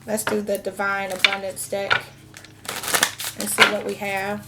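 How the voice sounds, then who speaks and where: A woman's voice: mid-range voice, completely flat delivery, measured pace, heavy background noise. A woman in her thirties giving a casual tarot reading, talking frankly and chatting with lots of fillers. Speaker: tarot reader.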